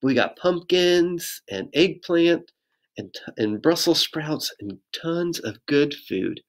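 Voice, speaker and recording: A man, a pastor, reading a children's picture book aloud in a gentle sing-song voice and inviting young listeners to join in. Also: fairly high pitch, animated, slow.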